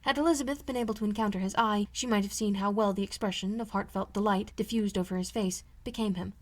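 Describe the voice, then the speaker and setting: A woman narrating a classic novel as an amateur audiobook reader, in a measured, steady manner. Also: mid-range voice.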